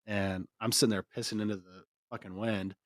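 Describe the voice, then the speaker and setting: A man's voice: on the low side, flat delivery, brisk, no room sound, studio quality. A young man, co-hosting a podcast and rambling through a story with bursts of laughter. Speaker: podcast co-host. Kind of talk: casual storytelling chat.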